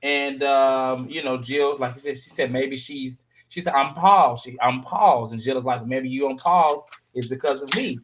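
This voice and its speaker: Animated man recapping reality TV. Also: moderate pace, few pauses. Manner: animated, acts out quotes with high voice jumps. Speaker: podcast panel host recapping a reality show. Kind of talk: casual chat.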